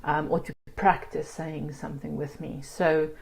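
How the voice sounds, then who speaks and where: A woman's voice: sits low, flat delivery, a little slow, vocal fry. A woman teaching an online language lesson, explaining step by step in a patient, encouraging way. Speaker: Afrikaans teacher.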